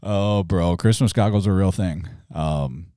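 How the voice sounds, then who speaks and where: Man from Alabama, podcast co-host, rambling jokey chat, somewhat low voice. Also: a little slow, mellow, clear, resonant tone, no room sound, clean studio sound. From Mobile, Alabama. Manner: rambling, jokey, many fillers and restarts. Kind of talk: casual chat.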